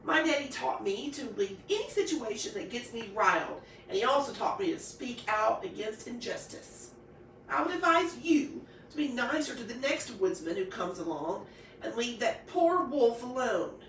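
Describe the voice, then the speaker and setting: A woman's voice: fairly high pitch, normal speed, distant mic, a little hiss or hum. A woman doing a folksy plainspoken woodswoman. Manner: folksy, drawling, calm. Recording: echoey room, voice off-mic.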